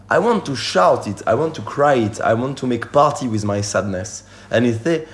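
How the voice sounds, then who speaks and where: A man's voice: medium pitch, normal speed, hardly any pauses. A man from France with a French accent, a Cajun band musician speaking animatedly in a casual interview. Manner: animated, breaks into sung and shouted examples. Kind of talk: casual interview talk in a second language.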